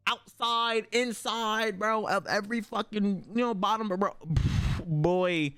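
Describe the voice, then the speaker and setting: A young man streamer, telling a story casually, swearing freely and jumping his pitch high when he acts out quotes. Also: moderate pace, few pauses, fairly bright tone.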